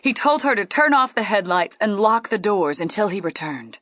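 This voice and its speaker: A woman reading a ghost story aloud, playful and dipping into hushed whispers. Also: mid-range voice, sing-song, normal speed, no echo, clean studio sound. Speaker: guest storyteller.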